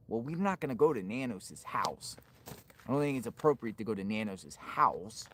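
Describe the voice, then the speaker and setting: A man hosting a livestream from outdoors, giving excitable, rambling on-the-spot commentary. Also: lowish voice, normal speed, a little hiss or hum. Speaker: livestream host. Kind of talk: live on-location commentary.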